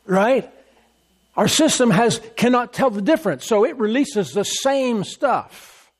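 A man preaching a sermon as pastor, emphatic and repetitive, with deliberate bursts of laughter. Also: very high voice, animated.

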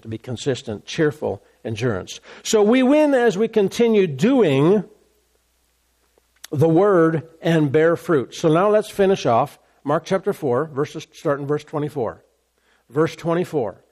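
Emphatic preaching man, slightly high voice. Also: darkish tone. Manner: repetitive, emphatic preaching with rhetorical questions. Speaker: pastor. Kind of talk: sermon.

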